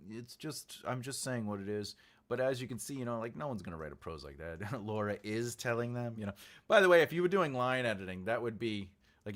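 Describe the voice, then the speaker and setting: A man's voice: lowish voice, big pitch swings, a little fast, a bit bright. A man who is an author and writing coach, talking casually and rambling with many fillers as he addresses viewers in a livestream writing tutorial. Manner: rambling, filler-heavy, talks directly to viewers.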